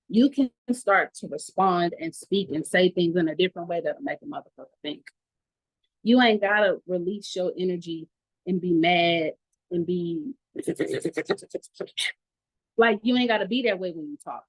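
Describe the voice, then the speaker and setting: Over a lo-fi video call from home, a woman with a fairly low voice gives a candid testimony as a meeting participant. She's blunt and profane, and she laughs often.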